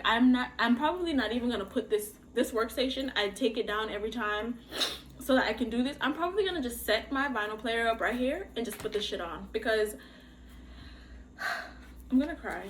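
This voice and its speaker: A woman's voice: a little high, slight background noise. A woman vlogging an unboxing at home, chatting casually to camera and exclaiming often. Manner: excitable, gushing, exclaims often. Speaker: podcast host doing an unboxing. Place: bedroom workstation at home.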